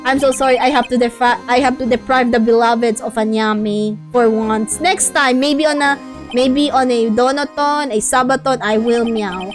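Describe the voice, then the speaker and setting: A woman's voice: fairly high pitch, fairly even intonation, normal speed, soft background music. Chatty, playful young streamer woman. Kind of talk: casual game streaming.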